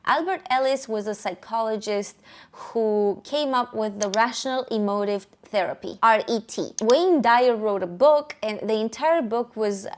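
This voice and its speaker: A woman's voice: fairly high pitch, unhurried. A woman hosting a commentary video, talking in an opinionated, critical way and laughing between points. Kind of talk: commentary voice-over.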